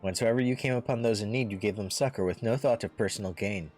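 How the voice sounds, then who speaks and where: A man reading a suave male rogue and spy in formal, measured game dialogue. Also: on the low side, darkish tone, soft background music, close to an everyday voice. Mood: composed.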